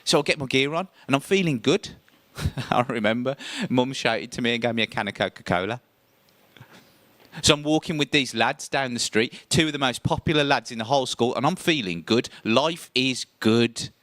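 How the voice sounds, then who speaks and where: Animated male storyteller, dry sound. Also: mid-range voice, normal speed, no room sound. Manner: animated, voice jumps up when acting out scenes. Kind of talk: live first-person storytelling performance.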